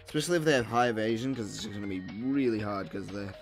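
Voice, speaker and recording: A man's voice: lowish voice, racing, over music. A young man giving casual, profane commentary while playing a video game, muttering to himself and yawning now and then. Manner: swears a lot, frustrated outbursts, mutters to himself. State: sleepy, yawning. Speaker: let's play gamer.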